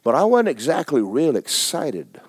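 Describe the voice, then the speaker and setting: Animated, stammering middle-aged male pastor. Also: measured pace, breathy edge, no room sound, studio quality. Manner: animated, swings from hushed to loud and high; stammering restarts. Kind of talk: sermon storytelling.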